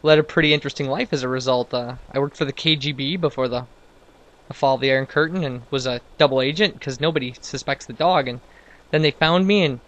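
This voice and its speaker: A man's voice: mid-range voice, quick pace, a bit bright, close to an everyday voice. A man voicing a chatty, boastful male talking dog in a spoken joke, rambling and offhand. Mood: complaining.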